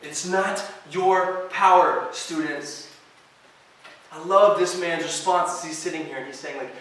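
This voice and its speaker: A man preaching a sermon to students as a youth pastor, shifting between hushed, slow emphasis and loud, urgent preaching. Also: fairly high pitch, steady tone, a little hiss or hum. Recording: echoey hall heard from a distance.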